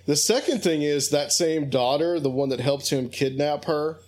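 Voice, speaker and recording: A man's voice: on the high side, moderate pace, darkish tone. A man hosts a radio talk show in a loose, chatty way. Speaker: host.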